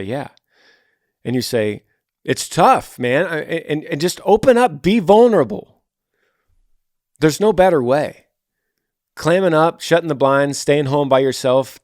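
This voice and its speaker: A man's voice: medium pitch, darkish tone, no room sound. Earnest encouraging man with a dry, close sound. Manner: earnest, encouraging, repeats himself. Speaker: podcast host giving advice. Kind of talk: casual advice talk.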